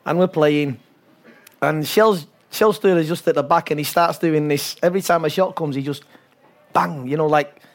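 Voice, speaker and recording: An older English football coach tells stories during a talk-show interview, his fairly high-pitched voice moving at normal speed. He's an animated storyteller who laughs often and acts out the voices of other people.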